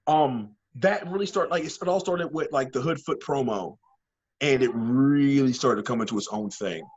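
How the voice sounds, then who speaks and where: A man being interviewed as a wrestling guest, an animated storyteller who rambles with many fillers and restarts. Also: medium pitch, normal speed, breathy edge, lo-fi sound. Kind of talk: casual interview chat.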